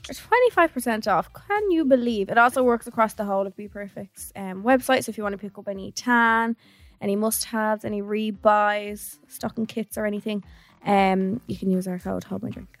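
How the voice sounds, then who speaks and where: A woman's voice: mid-range voice, normal speed, no echo. A young Irish woman co-hosting a podcast, chatting playfully and giggling with her friend. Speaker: podcast co-host. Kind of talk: casual chat.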